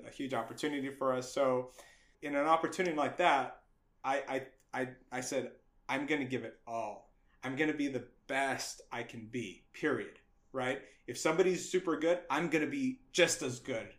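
A man's voice: medium pitch, reverberant. A middle-aged man from the United States, a guest animator on a podcast, telling a story with acted-out voices, frequent laughs and casual swearing.

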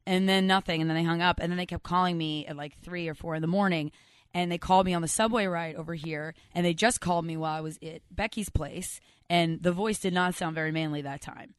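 Deadpan woman comedian, dry sound. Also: lowish voice, quick pace, smooth, no echo. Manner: dry, deadpan crude humor. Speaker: guest comedian. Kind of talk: casual comedy podcast chat.

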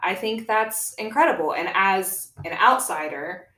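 A woman's voice: mid-range voice, expressive, unhurried, bright, forceful tone, echoey room, poor audio. A woman podcast host asking her guests questions in an earnest, thoughtful way. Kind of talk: interview conversation.

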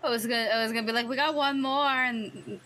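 A woman's voice: on the high side, fairly even intonation, quick pace, pushed and bright. A woman playing in a tabletop game, chatting casually and playfully in character. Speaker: player.

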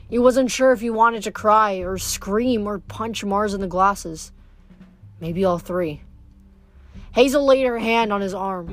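A woman reading a novel aloud in a steady, even way. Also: medium pitch, measured pace, soft background music. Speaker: audiobook reader.

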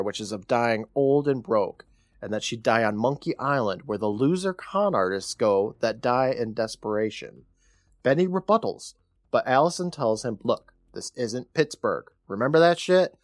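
Animated man recapping a horror episode. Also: medium pitch, dry recording, studio quality. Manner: chatty retelling with quoted lines. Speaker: podcast co-host.

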